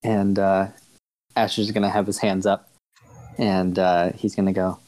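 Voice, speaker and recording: A man playing a tabletop game, describing his character's actions in a halting way, full of fillers. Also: low voice, little pitch movement, a little mellow. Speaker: player.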